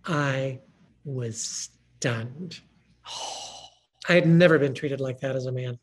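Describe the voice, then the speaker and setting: A woman's voice: a bass voice, slow pace. A woman guest speaker telling stories in conversation, acting out the dialogue with animation. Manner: animated, acts out quoted dialogue. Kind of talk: conversational storytelling.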